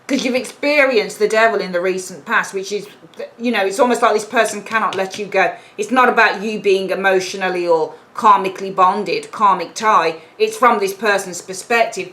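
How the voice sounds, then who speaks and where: Woman, tarot reader, casual emphatic delivery, average pitch. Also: moderate pace, a bit bright, rough recording. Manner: chatty, emphatic, repeats points, acts out little quoted exchanges. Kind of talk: casual tarot reading to camera.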